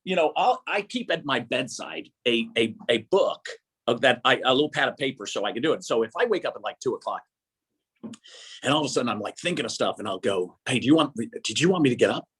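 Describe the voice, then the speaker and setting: A man telling lively faith stories in a casual talk, with an excitable manner, acting out the voices he quotes. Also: medium pitch, a little fast, slightly rough. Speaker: guest speaker.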